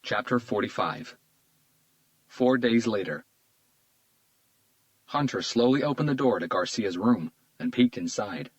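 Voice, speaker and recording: A man narrating a crime thriller audiobook in a steady, measured read. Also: medium pitch, no echo, muffled recording. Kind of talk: scripted narration.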